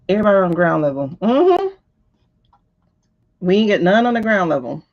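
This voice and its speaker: A woman hosting a live tarot stream speaks at medium pitch, a little slowly, with big pitch swings. In lo-fi stream audio, she gives casual, exasperated running commentary, talking back to the footage she's watching.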